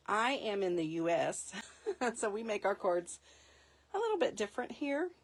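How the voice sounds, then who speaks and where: A woman's voice: fairly low pitch, husky. A middle-aged woman hosting a live paper craft demonstration, chatty, laughing often and correcting herself mid-sentence.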